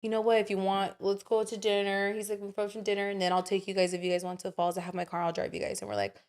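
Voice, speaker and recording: A woman's voice: mid-range voice, fast. A young woman co-hosting a podcast, chatting casually and telling a long story full of "like" and swearing. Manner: animated storyteller, swears freely, fillers like "like". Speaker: podcast co-host. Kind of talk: casual chat.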